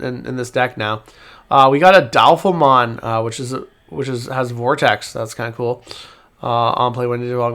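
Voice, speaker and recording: A man's voice: medium pitch, a bit bright, clean tone. A man hosting a card game channel, reading card text aloud with fillers and self-corrections in a casual review.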